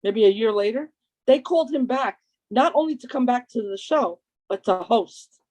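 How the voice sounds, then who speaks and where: A woman's voice: fairly high pitch, expressive, normal speed, darkish tone. A woman co-hosting a podcast in casual chat, eagerly telling stories and jumping in with additions. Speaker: podcast co-host.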